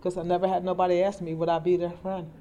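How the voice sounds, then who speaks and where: A woman's voice: fairly low pitch, little pitch movement, quick pace, mellow, highs cut off. A middle-aged woman telling her life story in an interview, earnest and plainspoken. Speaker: guest. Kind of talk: personal storytelling in conversation. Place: indoor interview. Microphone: podcast mic.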